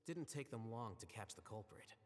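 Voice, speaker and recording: An actor playing a calm, reserved male scholar who explains things in a measured, composed way in game audio. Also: fairly low pitch, long reverb tail, a little hiss or hum, lightly acted.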